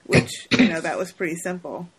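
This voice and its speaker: A woman's voice: on the low side, lively intonation, moderate pace, poor audio. A woman co-hosting a podcast, casually recapping a movie, often laughing and asking questions. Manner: laughing, playful, asks questions. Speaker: podcast co-host.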